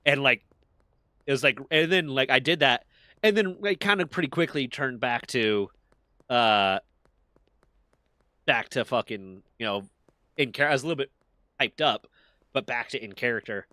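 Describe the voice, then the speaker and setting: A man's voice: medium pitch, animated, moderate pace, pauses often, sharp tone, no echo, studio quality. A man in casual chat, telling heated stories with plenty of swearing. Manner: profane, heated storytelling.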